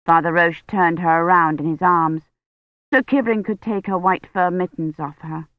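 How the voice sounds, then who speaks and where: A woman narrating an audiobook in a measured, even storytelling manner. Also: fairly low pitch, no room sound, dull audio. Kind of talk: scripted narration.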